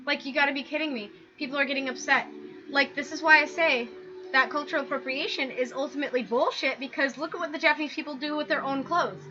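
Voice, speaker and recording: Woman, high voice, casual commentary, animated and exasperated, lots of "like", dull lo-fi sound. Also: quick pace. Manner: animated, exasperated ranting with frequent "like". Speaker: video host. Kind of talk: casual commentary over images. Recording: dull lo-fi sound with background music.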